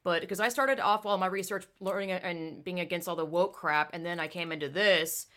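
A woman with a bright, forceful voice talks in a quick, heated rush. She swears freely and acts out the people she quotes with sudden jumps in pitch. She sounds like a host in a casual talk show. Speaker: podcast host. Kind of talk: casual chat.

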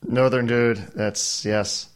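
A man's voice: mid-range voice, level tone, slow, smooth. A man with a Wisconsin accent, co-hosting a podcast in easygoing, joking chat. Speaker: podcast co-host. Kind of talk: casual chat.

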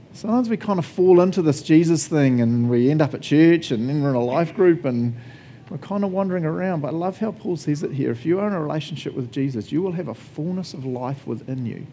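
A man's voice: on the high side, warm tone, a little hiss or hum. A male pastor preaching a sermon conversationally, laughing often and asking the congregation questions.

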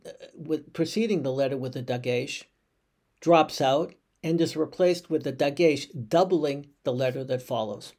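A man's voice: fairly high pitch, vocal fry, darkish tone. A man, a rabbi, teaching Torah commentary in an explanatory way, posing questions to his listeners and sometimes correcting himself.

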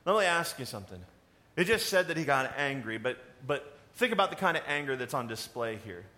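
A man preaching a sermon in a conversational, animated way, asking the congregation questions. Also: mid-range voice, fairly quick. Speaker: pastor.

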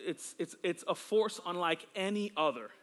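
High-voiced fervent preacher man. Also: lively intonation, moderate pace, fairly bright tone. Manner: fervent, exclamatory, with frequent praise interjections; conversational and joking with the congregation. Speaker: pastor. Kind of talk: sermon. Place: church service.

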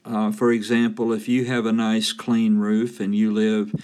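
A man's voice: fairly low pitch, completely flat delivery, unhurried, a little mellow. A man with a Southern US accent hosting a home maintenance podcast in a folksy, joking way. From Southern United States. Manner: folksy, joking, self-promoting. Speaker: podcast host and roofing consultant. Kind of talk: casual solo podcast monologue.

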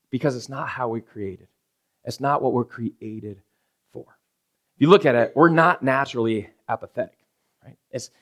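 Here a pastor with a mid-range, somewhat bright voice gives a laid-back, conversational sermon. He regularly checks in with a "right?" and brings everyday scenes to life by quoting the voices involved.

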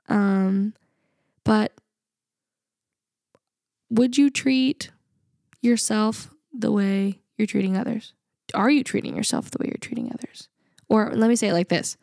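A woman's voice: mid-range voice, unhurried, vocal fry, pauses often, darkish tone, no echo, clean studio sound. A young adult woman co-hosting a podcast, talking in an earnest, reflective way and laughing often. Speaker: podcast co-host. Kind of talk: casual podcast chat.

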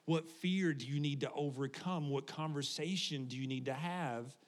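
A man in his thirties preaching a sermon to his congregation, telling family stories in a relaxed, conversational way with frequent laughs. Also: a little high, normal speed. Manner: conversational, animated storytelling with laughs. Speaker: pastor. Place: church sanctuary before congregation.

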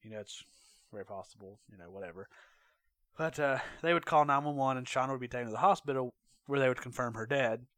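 A man recounting a true crime case in a casual, conversational way, with fillers, self-corrections and quiet personal asides. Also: medium pitch, quick pace, no room sound. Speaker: true crime podcast host.

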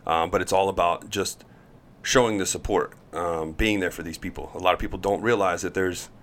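A man in his thirties, a pro pitcher, telling chatty, animated stories as a podcast guest. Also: brisk. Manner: chatty, animated storyteller who acts out quotes. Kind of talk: podcast interview storytelling.

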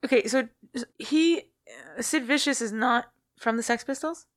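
A woman's voice: a little high, no room sound, clean studio sound. A French-speaking woman with a slight French accent, co-hosting a podcast with playful, joking reactions. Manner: playful, quick reactions and jokes. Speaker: podcast co-host. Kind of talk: casual chat.

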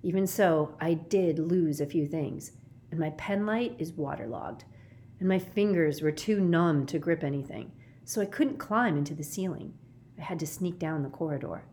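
A bold, tough young girl in a storybook, telling her tale in a brisk, matter-of-fact way, lower in pitch. A woman voices her while narrating. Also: animated, darkish tone, a little hiss or hum. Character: tough bold girl, Kate, cold and soaked.

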